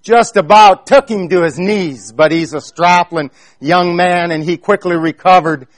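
A man's voice: high-pitched, measured pace, no echo. An Amish man preaching a sermon, telling a personal story in an earnest way and speaking straight to his congregation.

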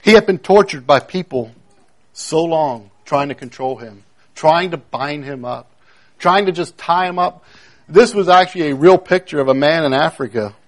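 A man preaching a sermon, emphatic, repeating key phrases and swinging between loud declarations and hushed moments. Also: on the high side, moderate pace. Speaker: pastor.

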